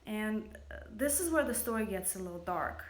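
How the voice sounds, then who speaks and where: A woman's voice: medium pitch, expressive, normal speed. Russian accent lady in her 30s talking earnest on a livestream, lots of ums, echoey room. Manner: earnest, hesitant, many fillers. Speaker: business founder. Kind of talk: personal livestream statement. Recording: roomy echo.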